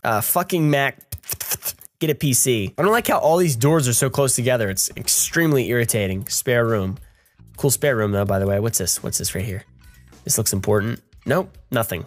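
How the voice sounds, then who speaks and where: A young man giving crude, sarcastic commentary while playing a game, jumping between high mock voices and low mumbles. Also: lively intonation, normal speed. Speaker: gaming commentator. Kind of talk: crude joking let's-play commentary. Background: faint game music.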